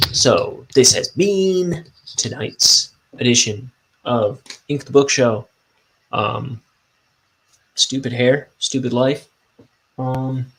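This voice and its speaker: Gravelly, slow-talking man streaming his drawing. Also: mid-range voice, fairly bright tone, a little hiss or hum, poor audio. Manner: rambling, self-mocking, chatty. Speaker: cartoonist streaming his inking. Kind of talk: casual livestream chat.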